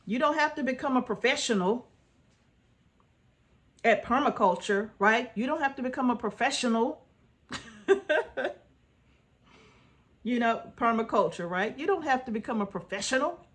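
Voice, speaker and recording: A woman's voice: on the high side, animated, normal speed, pauses often, fairly bright tone. A woman homestead vlogger giving casual, earnest advice to her viewers, repeating her points and checking in with "right?". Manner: informal, folksy speech.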